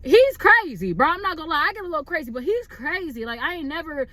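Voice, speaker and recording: A woman's voice: high-pitched, fast talker, no room sound. A young woman vlogger telling a personal story in a casual, rambling way, full of "like" and "bro". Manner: rambling, animated, lots of "like" and "bro".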